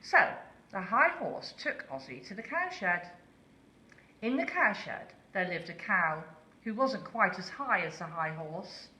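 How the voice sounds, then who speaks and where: Slow, bright woman reading a children's story. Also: medium pitch, roomy sound. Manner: slow, expressive, asks listeners questions.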